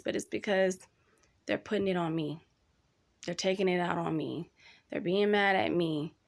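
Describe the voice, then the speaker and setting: A woman's voice: on the low side, gravelly. A young woman hosting a casual advice talk, speaking candidly and chattily, addressing listeners as y'all. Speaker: podcast host.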